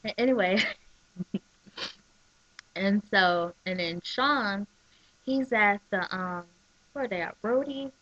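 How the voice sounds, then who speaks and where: Chatty, excitable woman vlogger, mid-pitched, dull webcam audio. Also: slow, long pauses. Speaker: soap opera recap vlogger. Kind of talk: casual chat.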